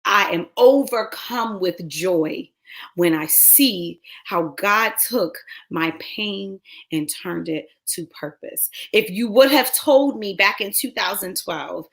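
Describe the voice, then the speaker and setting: A woman's voice: medium pitch, a bit bright. A woman in her thirties, a radio show host, telling her own faith story in an earnest, heartfelt way and often checking in with "right?". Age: 30s. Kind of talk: personal faith testimony.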